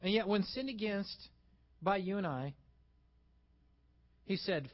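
Guy preaching with a pretty high voice, acts out back-and-forth bits, kinda muffled recording. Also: slow. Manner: animated preaching, acting out little dialogues. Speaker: pastor. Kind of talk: sermon.

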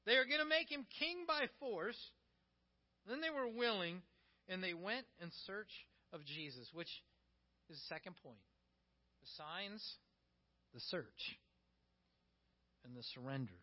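A man's voice: high-pitched, expressive, unhurried, long pauses. A male pastor preaching a sermon in a conversational way, acting out the quotes he tells. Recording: dull, muffled recording.

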